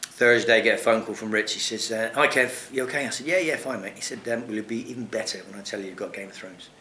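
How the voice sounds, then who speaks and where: Bloke spinning a sweary story, low but bright voice, roomy echo. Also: male voice, fast talker, a little hiss or hum. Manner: swearing, animated, laughs often. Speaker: guest actor. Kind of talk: casual storytelling.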